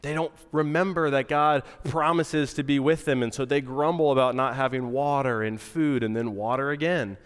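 A male pastor with a stuffy, nasal voice from a cold, preaching in a relaxed, conversational way with asides. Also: mid-range voice, normal speed, few pauses, smooth, in a large hall. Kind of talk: sermon.

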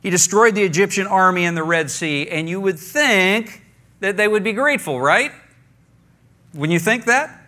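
A man preaching a sermon to a congregation in a conversational, animated way, often restarting his phrases and leading the listeners in repeating words. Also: high-pitched, moderate pace. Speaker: pastor.

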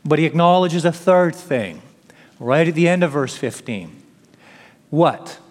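High-pitched guy preaching a sermon, emphatic, long echo from a big church hall. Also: animated, unhurried, a little mellow. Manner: voicing the apostle in paraphrase, emphatic. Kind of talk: expository sermon.

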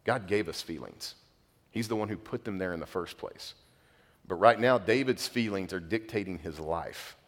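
Low-voiced pastor preaching in a reverberant hall. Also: male voice, moderate pace. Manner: conversational and earnest, casual fillers. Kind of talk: sermon. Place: church sanctuary. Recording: long reverb of a large hall.

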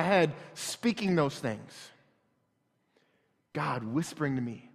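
Earnest pastor preaching in a reverberant hall. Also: male voice, a little high, expressive, takes it slowly, creaky, long pauses, a bit bright, husky. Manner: earnest, conversational storytelling. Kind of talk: sermon.

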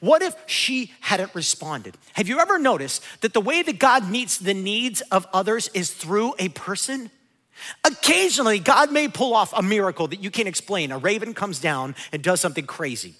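Man, pastor, sermon, high voice, bright tone, long reverb. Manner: animated, voices biblical figures in quick asides.

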